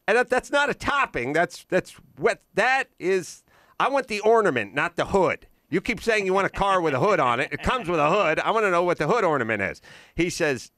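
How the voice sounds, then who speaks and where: Animated, bright-voiced middle-aged man host. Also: a little high, moderate pace, no echo, clean studio sound. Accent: Southern Californian. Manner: animated, acts out both sides of conversations. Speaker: podcast host. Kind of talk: casual comedic storytelling. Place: podcast studio.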